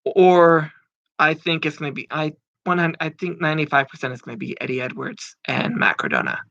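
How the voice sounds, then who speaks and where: A man's voice: fairly high pitch, expressive, a little fast, gravelly, pushed and bright, no echo. A man in his thirties giving casual, rambling wrestling predictions, with frequent fillers and casual swearing. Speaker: wrestling commentator. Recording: muffled lo-fi dry recording.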